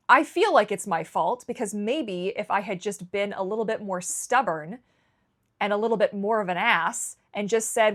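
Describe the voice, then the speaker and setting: A woman's voice: mid-range voice, unhurried, fairly bright tone. A Canadian woman vlogging candidly, emotional and rambling, often restarting her sentences. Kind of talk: candid personal vlog.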